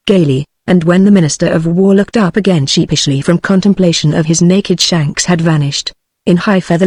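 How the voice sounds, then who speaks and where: A woman's voice: on the low side, a little mellow, dry recording. British-accented synthetic female narrator, dry. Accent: British English. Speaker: audiobook narrator. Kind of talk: text-to-speech book reading.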